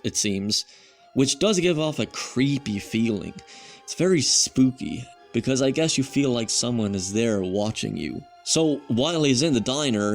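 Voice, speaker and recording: Guy doing a casual review, chatty and musing, mid-pitched voice, faint music under it. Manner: chatty, musing, with conversational asides. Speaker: video reviewer.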